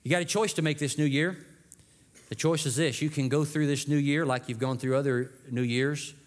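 A man preaching a sermon as lead pastor, telling a story with lively shifts and dropping low for dramatic lines. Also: normal speed. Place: church sanctuary. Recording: long church hall reverb.

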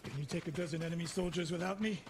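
A man's voice: a little high, rapid-fire, noisy background, close to an everyday voice. An actor playing a stern older male archery sensei in a video game, speaking in a testing, commanding manner. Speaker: game character.

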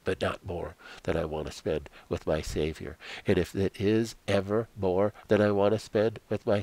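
Earnest low-voiced older preacher. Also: male voice, level tone, normal speed, few pauses. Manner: earnest, dramatic storytelling, hushes into prayer. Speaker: Christian health coach. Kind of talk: devotional sermon.

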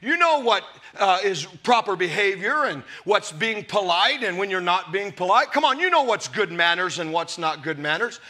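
A man in his fifties preaching a sermon to a live congregation, emphatic and often shouting, with jokey storytelling. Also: high voice, lively intonation, normal speed, few pauses. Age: 50s. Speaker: pastor. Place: church service before a live congregation.

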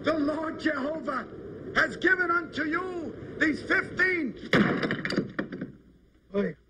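An actor playing a biblical prophet calling out to God in a grand, declaiming old film style, on a noisy soundtrack. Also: male voice, very high voice, animated, slow, heavily acted. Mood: fervent.

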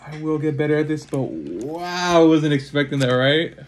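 A man giving casual unboxing commentary as he opens trading card packs, reading off cards one by one and breaking into excited exclamations and quick apologies. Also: fairly high pitch. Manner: names cards one after another, bursts into excited exclamations, apologizes often. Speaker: trading card pack opener.

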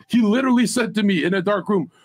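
A man's voice: high voice, fast, husky. A man on a podcast panel telling a rambling, boastful story full of swearing and heated banter.

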